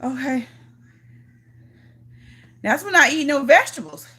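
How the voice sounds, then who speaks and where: A woman's voice: sits high, big pitch swings, slow, bright, forceful tone. A young woman hosting a casual live chat, reading a silly story aloud and laughing through it. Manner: giggly, keeps breaking into laughter. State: out of breath. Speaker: livestream host.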